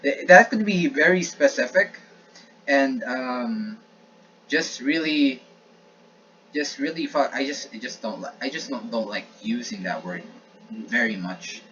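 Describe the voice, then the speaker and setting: A man's voice: mid-range voice, expressive, a little slow, fairly bright tone. A young man in casual, rambling talk, hesitant and full of restarts, recorded on an improvised homemade mic. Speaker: amateur video maker. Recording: dull lo-fi sound with faint noise.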